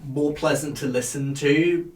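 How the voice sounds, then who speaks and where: A man hosting a casual chat show, talking with hesitant pauses and fillers. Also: a little high, steady tone, a little mellow. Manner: chatty, hesitant, lots of fillers. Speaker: podcast host reviewing a TV show. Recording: echoey room.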